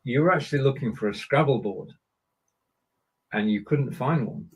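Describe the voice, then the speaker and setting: A man with a husky, slightly breathy voice hosts a relaxed conversation. He talks in a chatty, easygoing way and stumbles a little over the German phrases he reads aloud. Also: mid-range voice, normal speed, rough recording. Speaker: podcast host. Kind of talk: casual chat, language lesson.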